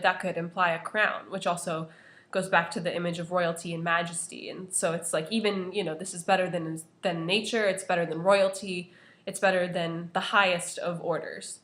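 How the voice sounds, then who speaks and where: A woman's voice: lowish voice, flat delivery, normal speed, a bit bright. A young woman presenting an analysis of a poem to her class, earnest and full of "you know" fillers. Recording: echoey room.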